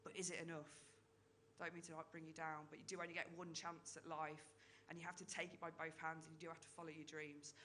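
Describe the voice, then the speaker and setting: A woman's voice: deep voice, level tone, quick pace, pushed and bright, a little hiss or hum. A woman in her thirties performing a chatty stand-up comedy set, tagging her lines with "right?" and "like". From Britain. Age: 30s.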